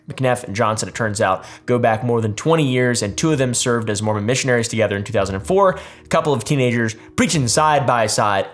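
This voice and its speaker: A man hosting a commentary video, telling a story casually with sarcastic asides and swearing. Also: medium pitch. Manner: sarcastic asides, swears, restarts mid-sentence. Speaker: commentary channel host.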